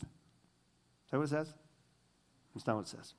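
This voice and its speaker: Pastor, male, slightly higher voice, chatty and animated, acts out quotes mid-sermon. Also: fairly quick, long pauses. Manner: conversational, lots of "like" fillers; animated, mimics people in quotes. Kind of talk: casual sermon. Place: church with a screen.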